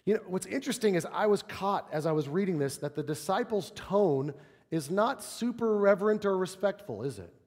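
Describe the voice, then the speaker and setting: A man preaching a sermon as pastor, animated, acting out quoted voices and dropping to soft, low tones for emphasis. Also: fairly quick, in a large hall.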